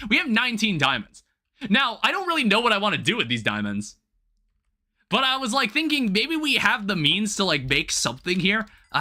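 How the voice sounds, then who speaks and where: A man's voice: high voice, bright, forceful tone. A young man chatting casually while playing on a livestream, rambling and swearing freely. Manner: rambling, swearing, quick to laugh. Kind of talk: casual gaming stream chat.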